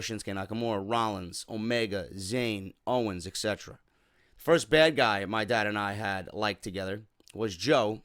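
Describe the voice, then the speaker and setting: This wrestling show host has a fairly low voice, recorded dry and clean like a studio. He reads a viewer's letter aloud and responds in a relaxed, understanding manner, using lots of filler words and tagging "man" onto his lines.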